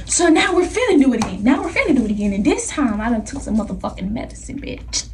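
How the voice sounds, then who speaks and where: A young woman vlogger telling a story in an animated, slangy way, laughing often. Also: fairly high pitch, fast. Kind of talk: storytime vlog. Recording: somewhat distant mic with faint noise.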